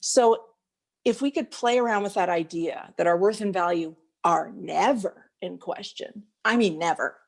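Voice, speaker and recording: A woman life coach leading a live group session, talking in an animated, searching way and laughing often. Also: medium pitch, normal speed, gravelly.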